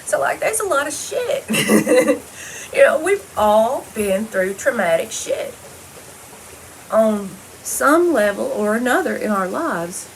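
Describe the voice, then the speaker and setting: A woman's voice: fairly high pitch, sing-song, slow, slight background noise, rough recording. A woman talking straight to the camera in a casual personal monologue, blunt and heavily profane, rambling loosely from one thought to the next. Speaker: vlogger.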